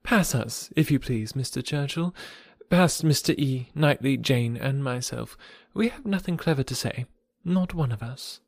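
A man's voice: medium pitch, lively intonation, measured pace, gravelly, no echo, studio quality. A man playing a haughty, affected lady. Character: self-important gossiping married woman.

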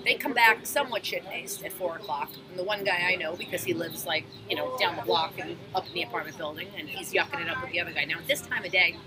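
A woman, a bartender and guest telling lively, blunt, profane stories at an outdoor table. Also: lowish voice, quick pace, few pauses. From Astoria, Queens, New York. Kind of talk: animated storytelling in casual conversation. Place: outdoors at a street-side table. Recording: street traffic noise outdoors.

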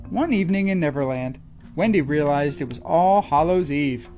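A woman narrating children's stories in an expressive, lively reading. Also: low voice, normal speed, soft background music. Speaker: storyteller. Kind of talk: scripted storybook narration.

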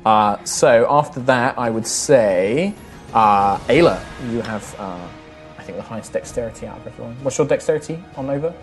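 A man's voice: medium pitch, animated, moderate pace, soft background music. A man narrating as game master for a tabletop game, describing scenes in a loose, rambling way with many fillers and restarts.

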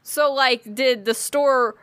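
A blunt woman chimes in with short, swear-laden reactions during a casual chat. Her voice is bright and forward, recorded dry and close with no room sound. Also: high-pitched, fairly even intonation, slow pace, clean tone, no room sound. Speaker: co-host listening and reacting.

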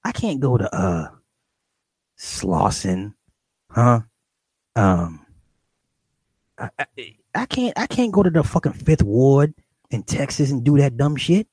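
A man's voice: medium pitch, sing-song, a little slow, pauses often, mellow, husky, no room sound. A middle-aged man streaming to his viewers in a casual, profane rant, repeating and restarting phrases as he goes.

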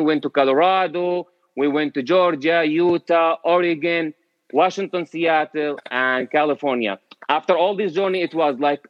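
A man's voice: fairly high pitch, dry recording. A man speaking English with a non-native accent, telling his own story in a hesitant way, full of fillers. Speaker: interviewee. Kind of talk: personal storytelling. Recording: dry, dull lo-fi recording.

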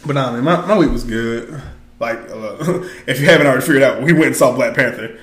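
A man's voice: medium pitch, fairly quick, reverberant, a crowd in the background. A man co-hosting a podcast, joking around in casual, slangy banter, recorded on a stand mic in a small studio. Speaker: podcast co-host.

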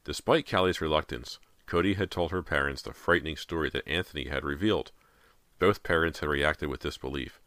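A man reading a horror novel aloud in a measured, steady voice, close to the mic. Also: extremely low pitch, no room sound. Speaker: audiobook narrator. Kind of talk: scripted horror narration.

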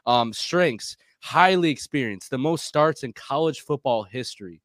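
A man's voice: mid-range voice, animated, measured pace, fairly bright tone, no room sound. Methodical man, dry close sound. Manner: methodical, lists strengths and weaknesses. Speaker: co-host. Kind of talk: casual sports podcast discussion.

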